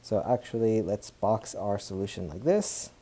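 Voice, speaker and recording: Math teacher, man, very dark mellow tone, talky, self-correcting, upbeat. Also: on the low side, lively intonation, moderate pace. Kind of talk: recorded tablet math lesson.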